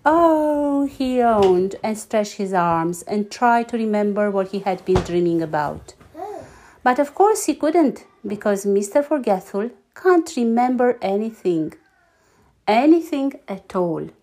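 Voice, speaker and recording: A woman reading a children's story aloud, lively and animated, giggling now and then. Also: medium pitch, measured pace.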